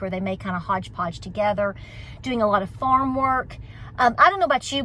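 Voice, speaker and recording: A woman's voice: a little high, sharp tone, slight background noise. A middle-aged woman from East Tennessee with a local accent, chatting casually and teasingly while vlogging from a car and outdoors. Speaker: homestead vlogger. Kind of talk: casual vlog chat.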